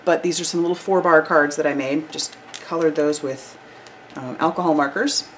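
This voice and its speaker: Woman, low voice, crafting vlog host, enthusiastic, chatty, faint background hum. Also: fairly even intonation, normal speed. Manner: bubbly, enthusiastic, chatty with fillers. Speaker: card-making channel host. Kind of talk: product review vlog.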